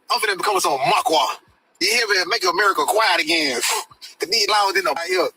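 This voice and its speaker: High, hyper-fast, bright ranting streamer man. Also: slight background noise, rough recording. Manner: profane, rapid-fire ranting in street slang; swings his voice high for emphasis. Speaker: live streamer reacting to a rap video. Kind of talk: live-stream rant.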